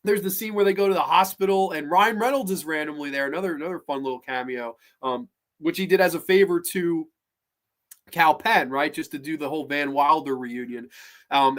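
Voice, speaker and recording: A man hosting a podcast, retelling comedy scenes in an animated, profane, casual way. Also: on the high side. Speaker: podcast host. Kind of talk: casual movie chat.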